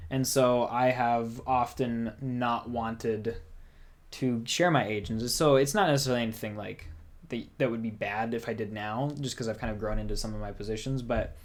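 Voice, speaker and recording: A man's voice: medium pitch, fairly even intonation, moderate pace. Chatty young man hosting a livestream. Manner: rambling, chatty, reads out viewer comments. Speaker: music channel host. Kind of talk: casual livestream chat.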